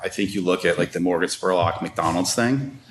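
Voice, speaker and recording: A man's voice: low-pitched, moderate pace, slight background noise. A man, a strength and conditioning coach and podcast guest, explaining his views in casual conversation, emphatic and full of restarts and rhetorical questions. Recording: roomy echo.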